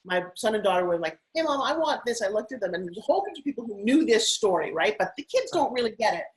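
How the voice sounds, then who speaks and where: A middle-aged woman guest telling stories in an interview, animated and putting on voices now and then. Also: medium pitch, quick pace, poor audio. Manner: animated, acts out her kids' voices. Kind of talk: interview storytelling.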